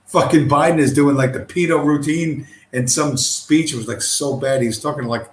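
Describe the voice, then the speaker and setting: A man's voice: a little high, steady tone, moderate pace, a little hiss or hum. Profane rambling man, echoey room. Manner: profane, rambling, repeats "you know what I mean". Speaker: livestream host. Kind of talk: rambling livestream rant. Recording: roomy echo.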